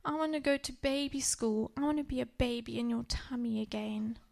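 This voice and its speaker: A small girl, worn out and close to tears, whines in a high, thin voice that climbs well above an adult's. A woman acts her out while retelling a story in a talk. It comes across as plainly put on. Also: steady tone, fairly quick, vocal fry, a little mellow. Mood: tearful. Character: upset little girl, tearful and whiny.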